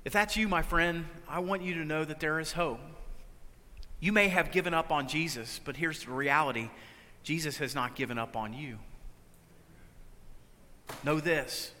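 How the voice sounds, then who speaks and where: A man preaching a sermon, swinging between loud, urgent lines and hushed, quiet ones. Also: a little high, in a large hall. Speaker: pastor.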